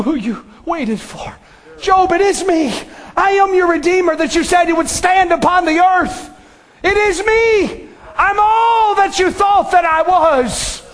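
A man's voice: very high voice, voice pushed up. A man preaching voices Jesus greeting the faithful, tender and proclaiming. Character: Jesus, gentle welcoming savior, man.

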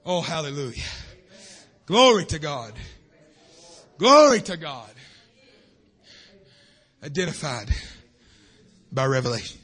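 A man preaching a fervent revival sermon in a church, swinging between shouting and hushed tones. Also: a little high, sing-song, slow pace, long pauses, slightly rough. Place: church sanctuary.

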